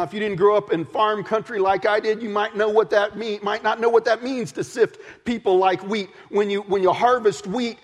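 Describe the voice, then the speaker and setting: A man's voice: high-pitched, big-room sound. A man preaching a sermon in a conversational storytelling way, with folksy asides.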